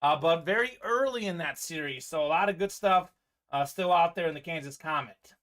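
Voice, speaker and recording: A man's voice: on the high side, animated, a little fast, fairly bright tone. A man hosting a live-streamed sports card break, giving upbeat running commentary on teams and players.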